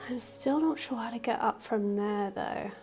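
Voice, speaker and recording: A woman hosting a casual let's-play, gushing and excitable, with squeals of delight and soft murmurs as she explores. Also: fairly high pitch, normal speed, faint music behind. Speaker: gaming channel host.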